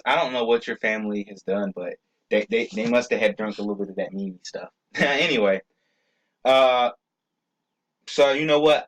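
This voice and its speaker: Rambling young man with a lowish voice. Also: a bit bright, rough recording. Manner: loose and rambling, with many fillers, stammered restarts and cussing. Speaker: video creator. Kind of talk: casual rambling vlog talk.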